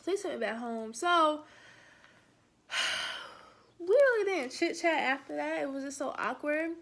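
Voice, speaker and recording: Woman, young adult, high voice, casual storytime vlog, animated, acts out dialogue. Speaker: vlogger.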